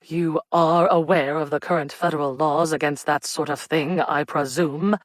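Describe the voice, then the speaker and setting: A woman's voice: low-pitched, steady tone, moderate pace, dry recording, clean studio sound, lightly acted. A woman reading an audiobook, voicing a stern older male army major who speaks in a pointed way.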